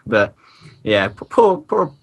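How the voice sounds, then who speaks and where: A man's voice: on the low side, brisk, fairly bright tone. Wry chatty man. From England. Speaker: player. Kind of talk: casual chat.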